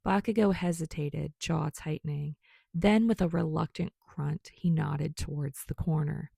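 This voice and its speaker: Brief: low-voiced woman narrator, gravelly, steady reading pace. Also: unhurried, no room sound, studio quality. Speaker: podfic reader. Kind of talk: scripted narration of fan fiction.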